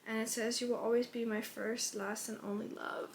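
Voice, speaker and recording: A woman's voice: on the high side, flat delivery, normal speed, a little hiss or hum. A young woman vlogging casually about her reading. She talks expressively, swears freely and swings between gushing and exasperation. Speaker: book vlogger.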